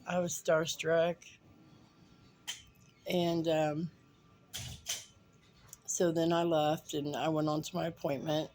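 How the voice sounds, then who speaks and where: A woman's voice: sits low, level tone, very slow, long pauses, a little mellow, soft background music, poor audio. A woman in her fifties telling a funny personal story in a chatty way, with fillers and acted-out quotes. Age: 50s. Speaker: vlogger.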